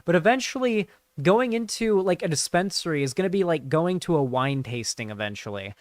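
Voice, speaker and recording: A man's voice: on the high side, animated, brisk, dry recording. A man giving casual live-stream commentary, rambling and profane, with lots of fillers.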